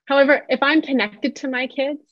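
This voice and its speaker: A woman's voice: sits high, flat delivery, a little fast, dry recording, muffled recording. Chatty woman on dry video-call audio. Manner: warm, chatty, acts out parents' quotes. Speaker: psychotherapist leading a parenting workshop. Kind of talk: online workshop talk.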